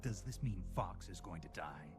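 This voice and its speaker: A man's voice: deep voice, lively intonation, normal speed. An actor playing a wary, skeptical male soldier recovering in hospital in a video game. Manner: guarded, skeptical questions. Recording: game audio over loud music.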